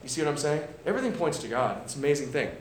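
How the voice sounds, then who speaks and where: A man's voice: on the high side, big pitch swings, racing. A young adult man preaching a sermon in a casual, conversational way, with joking asides and frequent checks of "right?". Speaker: pastor. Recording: roomy hall sound, faint background noise.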